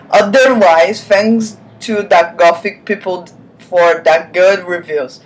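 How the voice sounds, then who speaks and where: Reading fan fiction aloud with mock drama, this woman speaks slowly in a voice on the low side. She keeps interrupting herself with sarcastic comments, cursing and laughing at what's written.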